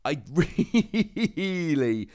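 A young British man from Cornwall hosts a casual solo podcast, spinning rambling stories packed with asides. His fairly high-pitched voice has a darkish tone and is very animated, yet he speaks extremely slowly.

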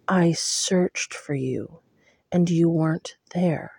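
A woman's voice: mellow, dry recording, heavily acted. Woman voicing a growling wild fae lord. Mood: feral. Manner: low breathy growl, slow and close.

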